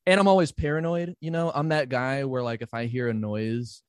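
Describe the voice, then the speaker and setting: A man's voice: mid-range voice, a little fast, clear, resonant tone, dry recording, clean studio sound. A man in casual podcast chat, telling a story with lots of swearing and acting out his own panicked reactions. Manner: profane, excitable, acts out his own reactions.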